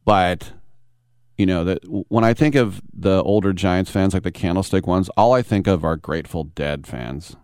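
A man's voice: low voice, normal speed, darkish tone, clear, resonant tone, dry recording, studio quality. A man hosting a sports talk radio show, telling rambling, wry stories with many asides. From San Francisco Bay Area.

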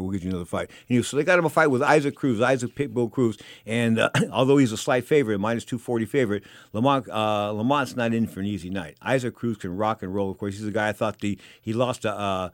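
An older man hosts a talk radio show on boxing, talking fast in a loose, rambling monologue. He is opinionated and circles back over the same points again and again. His voice is close and dry on a studio microphone. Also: medium pitch, dry recording. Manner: rambling, opinionated, repeats himself.

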